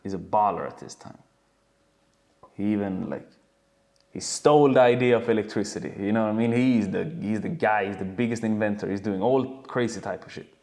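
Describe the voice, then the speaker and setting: A man coaching dancers in a casual webinar, telling stories in an animated way and swearing freely from a home video call. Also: on the low side, fairly quick.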